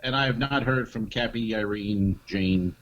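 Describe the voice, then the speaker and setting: A man co-hosting a comedy podcast, telling an animated anecdote and acting out what people said. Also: fairly low pitch, unhurried, lo-fi sound, a loud crowd. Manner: animated anecdote teller, acts out quotes, swears. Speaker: podcast co-host. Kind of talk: comedic storytelling chat.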